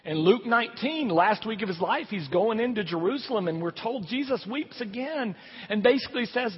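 Lively-pitched preacher in a reverberant church. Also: male voice, normal speed, slightly rough. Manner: conversational preaching, lively rises and drops. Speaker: pastor. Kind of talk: sermon with scripture reading. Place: church sanctuary. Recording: long hall reverb, dull lo-fi sound.

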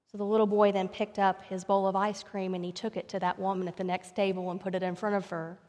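A woman's voice: mid-range voice, flat delivery, fast, hardly any pauses, darkish tone. A woman pastor preaching a sermon, telling a story and rising to emphatic questions. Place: church sanctuary. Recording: long reverb of a church sanctuary.

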